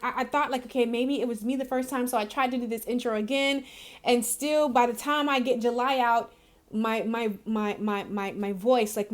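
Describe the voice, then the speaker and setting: A woman giving a casual monthly astrology reading, chatty and giggly with lots of fillers. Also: on the high side. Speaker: spiritual reader.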